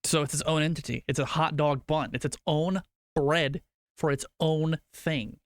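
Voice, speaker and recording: A young man streaming to his chat, rambling through food debates and cursing casually. His voice is smooth and clear, recorded dry and close on a desk mic. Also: a little high, fairly even intonation, normal speed, no room sound. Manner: rambling, swears casually, argues food opinions.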